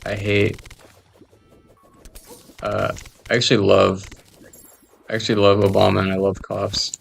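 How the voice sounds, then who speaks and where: A man's voice: fairly low pitch, monotone, unhurried, creaky, faint music behind. A man joking and rambling through casual gameplay commentary, often trailing off into mumbled asides. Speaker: gamer recording gameplay.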